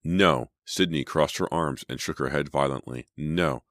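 A man narrating an audiobook in a measured, even storytelling manner. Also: extremely low pitch, no room sound, studio quality. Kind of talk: scripted narration.

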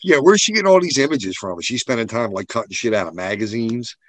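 A man's voice: mid-range voice, animated, fast talker, a bit bright. A man co-hosting a podcast, joking and bantering in a casual, profane way. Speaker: podcast co-host. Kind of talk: casual chat.

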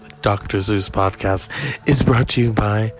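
A man's voice: on the low side, steady tone, moderate pace, faint music behind. A man hosting a podcast, rambling in a crude, sarcastic casual monologue. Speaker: podcast host.

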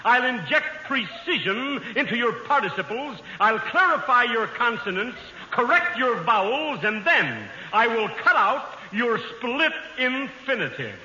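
A pompous, windy old professor of speech. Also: male voice, very animated, unhurried, few pauses, bright, forceful tone, muffled recording, full character voice. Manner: pompous, booming, florid diction. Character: pompous bald male elocution professor, windy. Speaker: comic guest character. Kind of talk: 1940s radio comedy acting. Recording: echoey old radio broadcast, hissy.

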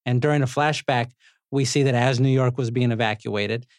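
A man hosts a casual podcast and recaps films with lively, joking energy. His voice sits at an ordinary middle pitch. It is recorded close and dry, with no room echo. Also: moderate pace, clean tone. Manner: animated storyteller, swears, laughs often. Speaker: podcast host.

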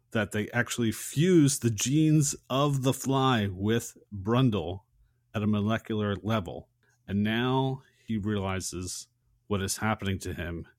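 A man's voice: on the low side, no echo, clean studio sound. A man co-hosting a podcast, recapping a film scene in a casual chat with long chains of "and". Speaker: podcast co-host.

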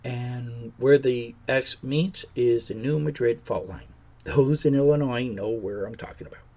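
A man's voice: medium pitch, unhurried, warm tone. A man hosting a podcast, giving an indignant, sarcastic political rant. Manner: indignant, sarcastic, mocks politicians in put-on voices. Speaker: podcast host.

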